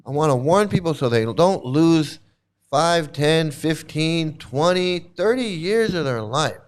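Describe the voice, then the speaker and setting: A man's voice: on the high side, lively intonation, a little slow. A man in his sixties, a former cult member, giving a candid commentary monologue in a blunt, profane way and repeating phrases for emphasis. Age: 60s.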